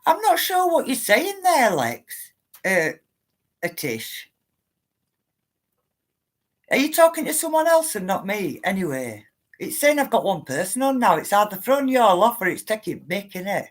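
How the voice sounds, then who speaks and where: A woman's voice: mid-range voice, big pitch swings, moderate pace, long pauses. A woman, chatting live to viewers, greeting them by name and ranting now and then. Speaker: livestream host. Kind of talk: casual livestream chat.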